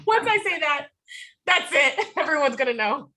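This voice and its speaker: Bright, lively New York woman. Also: high-pitched, moderate pace. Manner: lively, laughs often, animated storytelling. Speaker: actress guest. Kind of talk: casual interview chat.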